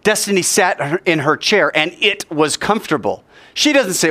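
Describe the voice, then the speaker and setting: A man's voice: sits high, expressive, normal speed, bright, forceful tone, no room sound. A man giving an informal Bible lesson, acting out little mock dialogues and dropping jokey asides. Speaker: Bible teacher.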